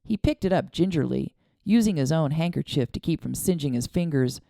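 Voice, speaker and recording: A woman narrates a novel in a low, dark, gravelly voice that moves freely in pitch. Her reading is expressive and dramatic, recorded close and dry. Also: brisk, no room sound. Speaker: audiobook narrator. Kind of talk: scripted narration.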